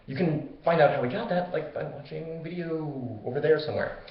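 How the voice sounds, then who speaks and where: A man's voice: on the high side, brisk. A man hosting a comedic storytelling show, retelling a myth in a rambling, casual way full of fillers and jokey asides. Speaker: host. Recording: roomy, slightly dull recording.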